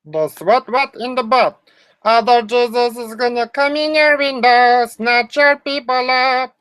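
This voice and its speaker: A woman's voice: a little slow, fairly bright tone, smooth, dry recording. A woman joking around on a casual livestream in a silly, playful way. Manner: silly, playful, drops into a low put-on voice.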